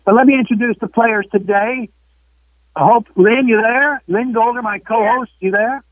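A man's voice: very high-pitched, moderate pace, no room sound. An older man hosting a live call-in radio show from home, folksy and earnest, repeating himself. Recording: tinny phone line from home.

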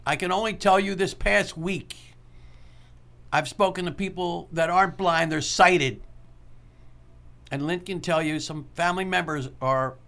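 Radio host guy, earnest pep-talk vibe, bright kinda tense voice, says stuff slow and twice. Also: a little high, gravelly. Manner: earnest, motivational; repeats key points slowly. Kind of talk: call-in radio talk show.

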